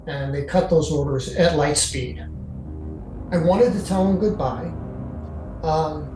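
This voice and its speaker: Older man, halting storyteller, roomy echo, faint music behind. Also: a little high, a little mellow. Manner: halting, with frequent fillers. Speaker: interviewee recounting his experience. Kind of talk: first-person storytelling. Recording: echoey room with faint music.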